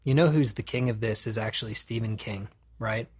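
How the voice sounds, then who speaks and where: A man hosting a podcast, chatting casually and profanely, animated and laughing often. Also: on the low side, fairly quick, husky. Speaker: podcast host.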